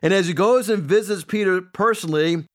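A man with a notably high voice preaches to his congregation. He walks through his points one by one as a pastor and slips into the voices of the people he quotes. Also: fairly quick. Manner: preaching, numbered points, acts out quoted speech. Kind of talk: sermon.

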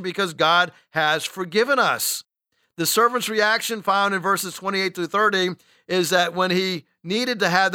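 A man's voice: high-pitched, pushed and bright, smooth, no room sound, studio quality. A man preaching a sermon, conversational with folksy asides. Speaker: pastor.

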